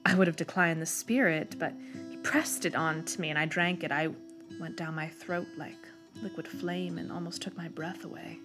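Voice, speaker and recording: A woman narrating a storybook reading with an expressive, dramatic delivery. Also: deep voice, normal speed. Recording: reading over clear guitar music.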